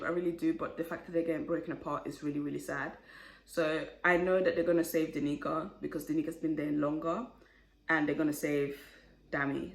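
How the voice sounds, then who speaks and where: A woman, talking casually and opinionatedly to camera, getting animated and indignant as she rants. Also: sits low. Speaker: vlogger recapping a reality show. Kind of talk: casual chatty recap rant. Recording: echoey room.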